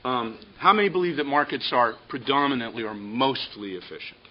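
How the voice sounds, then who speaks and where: A man moderating a panel before an audience, telling a joke and introducing speakers in a relaxed, halting way. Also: medium pitch. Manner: relaxed, with frequent ums and restarts. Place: conference room with an audience. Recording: dull lo-fi audio with faint hiss.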